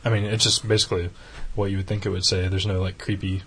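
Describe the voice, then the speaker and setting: A man's voice: low-pitched, flat delivery, fast talker, fairly bright tone, a little hiss or hum. A man co-hosting a podcast, chatting casually and enthusiastically, rambling with restarts. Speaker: podcast co-host. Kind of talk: casual chat.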